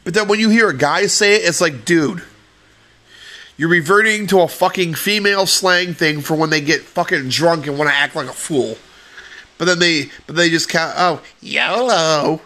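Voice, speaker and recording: A man hosts his own podcast and rants about everyday annoyances, swearing freely and sounding exasperated. His voice sits a little higher than most men's. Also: moderate pace, bright, forceful tone. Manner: profane, exasperated ranting. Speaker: podcast host. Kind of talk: solo ranting podcast.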